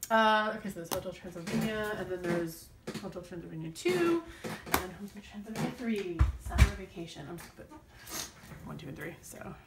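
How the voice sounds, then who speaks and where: A woman's voice: mid-range voice, expressive, brisk, heavy background noise. A woman chatting casually and rambling while she works on her planner, full of fillers and self-deprecating asides. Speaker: planner vlogger.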